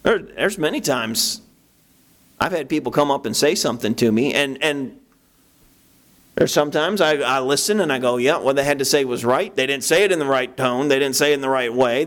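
A man preaching a sermon as pastor, talking conversationally with restarts and jumping into a high voice to act out his own thoughts. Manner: animated, acts out his own inner voice in sudden high bursts; conversational, with frequent restarts and "you know".

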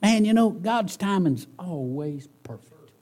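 A man preaching a sermon in church, folksy and animated, often asking the congregation rhetorical questions. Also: sits high, measured pace. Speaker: pastor.

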